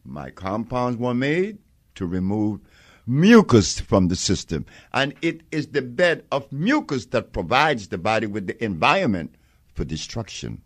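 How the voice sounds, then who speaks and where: Older man, interviewee, emphatic storyteller, pitch leaping up and down, acts out dialogue. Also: a little slow. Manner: animated storyteller acting out quoted exchanges, emphatic, laughs often. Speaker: interviewee, herbal healer.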